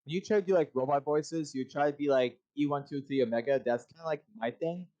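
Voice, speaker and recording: A man's voice: on the high side, fairly quick, a little mellow, no room sound. A man hosting a casual chat with friends, often restarting and repeating his phrases. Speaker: host. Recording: dull lo-fi call audio.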